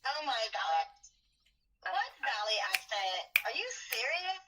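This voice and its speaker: A woman's voice: on the high side, big pitch swings, a little slow, heavy background noise. A woman hosting a casual group chat, playful, laughing often and breaking into silly sung bits. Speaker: host.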